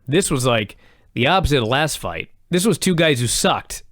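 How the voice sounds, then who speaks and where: Blunt, lively-voiced man co-host. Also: mid-range voice, moderate pace, no room sound, studio quality. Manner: blunt, crude, deadpan complaints. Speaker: podcast co-host. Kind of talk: casual podcast chat.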